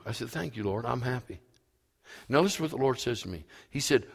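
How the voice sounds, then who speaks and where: A pastor tells a homespun story in his sermon, building to fervent, emphatic preaching. His mid-range voice is husky with vocal fry, fairly quick and lively in intonation, echoing through a reverberant church hall.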